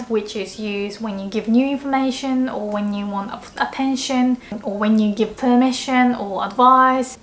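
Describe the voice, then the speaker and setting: A woman's voice: on the high side, a bit bright. A woman teaching a casual video language lesson, explaining chattily, often checking in with "right?" and acting out short example phrases.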